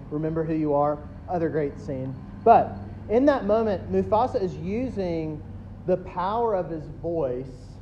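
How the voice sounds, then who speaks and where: A pastor in his thirties delivers a sermon, alternating between loud, emphatic builds and quiet asides. The recording is dull and lo-fi, with a faint rumble underneath.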